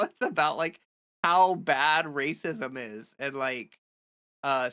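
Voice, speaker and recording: A woman's voice: low voice, a bit bright. A woman livestreamer in casual, rambling chat who thinks aloud and thanks viewers for donations.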